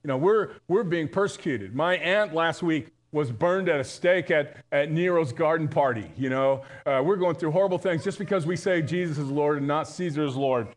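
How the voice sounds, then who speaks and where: Conversational male pastor, fairly high voice. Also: normal speed, few pauses. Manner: conversational and humorous, with emphatic high bursts. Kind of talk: live sermon. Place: church sanctuary.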